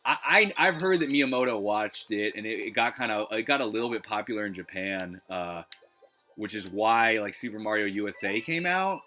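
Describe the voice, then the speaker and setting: A man's voice: on the low side, expressive, moderate pace, pushed and bright, faint music behind. A man streaming retro gameplay live, rambling in casual chat and swearing freely. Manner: rambling, swears, lots of restarts. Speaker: gaming streamer.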